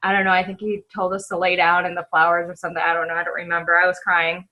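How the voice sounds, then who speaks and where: A woman on a video call giving a heartfelt, halting recap of an event from home, stopping often to apologize. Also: fairly low pitch, little pitch movement, dull audio. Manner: emotional, halting, tearful at times, apologizes often. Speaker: event attendee sharing a recap.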